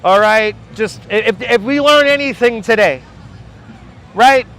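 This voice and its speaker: A man's voice: high-pitched, a little slow, fairly bright tone, faint music behind, a faint crowd. A man hosting a walking-tour livestream, chatting casually and joking with viewers, often laughing, on a clip-on mic outdoors. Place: outdoors on city streets. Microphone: wireless clip-on mic. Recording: faint city street noise.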